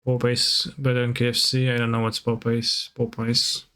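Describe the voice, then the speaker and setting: A man's voice: medium pitch, completely flat delivery, moderate pace, bright, forceful tone, clean tone. A man streaming a card game, chatting casually with viewers and breaking into playful, goofy sing-song noises. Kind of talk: casual stream chat over gameplay.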